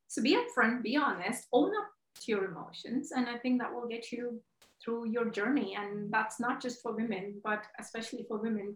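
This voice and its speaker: A woman's voice: on the high side, fairly bright tone, echoey room, low-quality recording. A woman speaking as a webinar guest, frank and emphatic, with vivid examples. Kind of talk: candid webinar talk.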